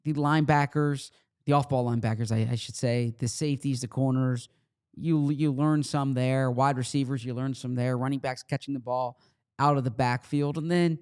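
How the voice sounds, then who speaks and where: A man's voice: medium pitch, steady tone, moderate pace, a little mellow, smooth. A man with a slight Philadelphia accent co-hosting a sports podcast, talking casually and explaining things with frequent restarts. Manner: conversational, explains with repeats and restarts. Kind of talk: casual chat.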